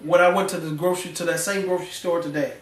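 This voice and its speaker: A male pastor preaching a folksy, animated sermon full of slang, drawing responses from the congregation. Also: on the high side, fast. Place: church sanctuary. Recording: echoey church room, mic at a distance.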